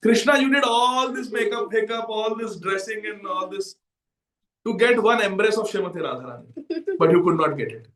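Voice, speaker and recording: A man doing a clever, sharp-tongued young woman. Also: sits high, expressive, moderate pace. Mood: pointed. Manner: pointed, matter-of-fact. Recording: echoey hall from far off.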